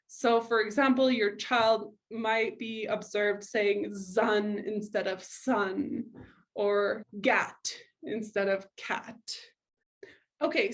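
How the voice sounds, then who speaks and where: A young adult woman with a somewhat high voice walks parents through how toddlers simplify speech sounds. She speaks as a speech-language pathologist, clear and patient, and she slows down carefully whenever she models an example word. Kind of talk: educational explainer for parents.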